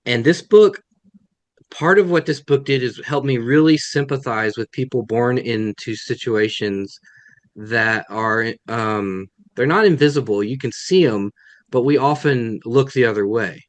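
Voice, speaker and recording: A man's voice: medium pitch, a little slow, dry recording. A man, a guest author, answering questions on a video call in a thoughtful way, often restarting his sentences. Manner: thoughtful, self-correcting, many restarts. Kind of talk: webinar Q&A answers.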